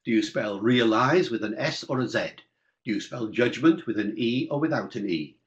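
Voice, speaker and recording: A man's voice: medium pitch, animated, normal speed. An older man answering listener questions in a webinar, in a discursive, explanatory way. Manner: discursive, explanatory, with fillers and asides. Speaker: guest linguist answering questions. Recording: dull lo-fi webinar audio.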